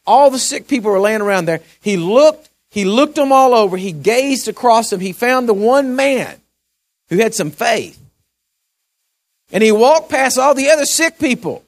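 A pastor preaching a sermon in a high, lively voice. He talks in a folksy way and works himself up until he is shouting.

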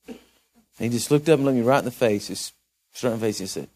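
A man preaching a sermon in a church, telling a jail story in a folksy, halting way and building to emphatic exhortation. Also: mid-range voice, expressive, a little mellow. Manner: folksy, halting delivery with repeated restarts. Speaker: pastor.

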